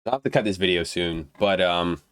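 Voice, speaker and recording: A man's voice: low voice, a little fast, a bit bright, clear, resonant tone, dry recording. A young man ranting about video games, blunt and profane, stumbling and restarting his words, his throat going dry. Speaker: gaming YouTuber. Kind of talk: unedited rant to camera.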